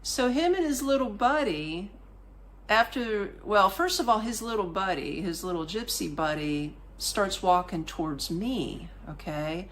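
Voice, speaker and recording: A woman's voice: medium pitch, expressive, measured pace. A woman with a mid-range voice tells a travel anecdote on her podcast. She sounds loose and colloquial and keeps turning to the listener with little asides. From United States. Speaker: podcast host. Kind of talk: casual storytelling monologue.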